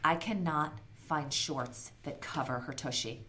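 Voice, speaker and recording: A woman's voice: deep voice, unhurried, bright, forceful tone. A woman in her thirties co-hosting a podcast in casual chat, blunt and swearing freely. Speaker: podcast co-host.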